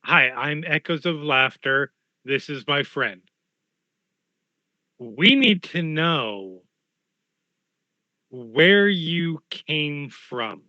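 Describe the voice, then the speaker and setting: A man's voice: a little high, expressive, extremely slow, long pauses, pushed and bright, no room sound, full character voice. A man voicing a brash male shapeshifter character in a Midwestern accent, blunt and direct, on a dull lo-fi stream mic. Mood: polite.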